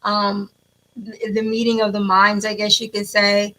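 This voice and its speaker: A woman who announces wrestling, chatting in an interview and telling animated stories with plenty of laughter. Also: mid-range voice, a little slow, rough recording. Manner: animated, laughs often, acts out quotes. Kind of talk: casual interview storytelling.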